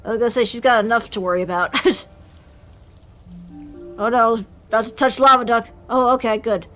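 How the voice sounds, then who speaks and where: A woman hosting a casual game stream on a voice call, giggling often and reacting in short quick remarks. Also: on the high side, steady tone, fairly bright tone, soft background music. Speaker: streamer host. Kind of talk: casual chat while gaming.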